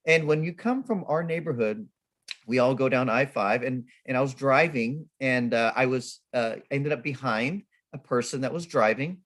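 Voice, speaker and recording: A middle-aged man from Sacramento telling humorous personal stories as a guest speaker at a temple service, with a self-mocking, animated manner. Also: mid-range voice, moderate pace. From Sacramento, California. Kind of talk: storytelling talk.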